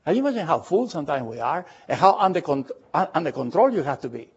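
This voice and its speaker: Preacher, male, high husky voice, animated storyteller who puts questions to the congregation, dull lo-fi recording. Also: fast. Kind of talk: sermon retelling a Bible story.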